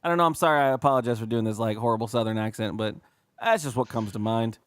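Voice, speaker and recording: A man's voice: medium pitch, fast talker, no room sound, clean studio sound. A man co-hosting a podcast in casual chat, sighing, swearing and saying "like" a lot. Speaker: podcast co-host.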